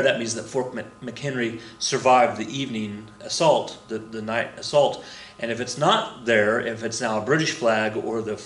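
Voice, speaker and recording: A man's voice: mid-range voice, fairly bright tone. Male teacher, loose and chatty history lecture, roomy echo with a faint hum behind. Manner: rambling, conversational, many fillers and restarts.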